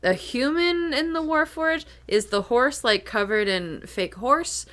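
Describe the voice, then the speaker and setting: A woman co-hosts a casual podcast in a bright, fairly high voice. She thinks out loud in an animated way and giggles between her thoughts. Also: measured pace. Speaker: podcast co-host. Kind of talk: casual chat.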